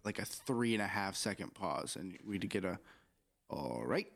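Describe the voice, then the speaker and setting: Man, young, low voice, rambling, profane, joking podcast chat. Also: fairly even intonation, normal speed, a bit bright. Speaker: podcast co-host.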